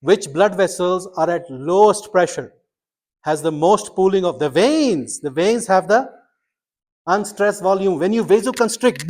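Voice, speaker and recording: A man's voice: high voice, lively intonation, unhurried, darkish tone. A middle-aged man teaching a medical school class, quizzing students and explaining step by step with emphatic energy. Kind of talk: interactive classroom lecture.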